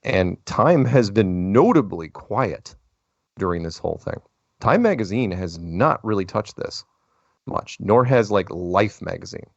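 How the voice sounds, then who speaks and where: A middle-of-the-road talk host with a gravelly, low voice that wanders from thought to thought. He stops to correct himself and laughs often. The sound is dull and dry. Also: animated, measured pace, dry recording. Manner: rambling, self-correcting, laughs easily. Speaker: radio show host. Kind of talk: casual call-in talk. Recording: lo-fi dry audio.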